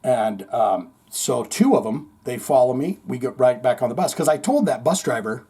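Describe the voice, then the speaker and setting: A man hosting a podcast, telling a long story in a rambling, animated way, full of swearing and acted-out quotes. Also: mid-range voice, moderate pace, hardly any pauses, breathy edge. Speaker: podcast host. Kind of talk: casual storytelling monologue.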